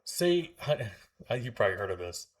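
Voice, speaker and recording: A man's voice: mid-range voice, unhurried. A man co-hosting a podcast, telling stories in a casual chat and laughing often. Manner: animated storyteller, laughs a lot. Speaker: podcast co-host.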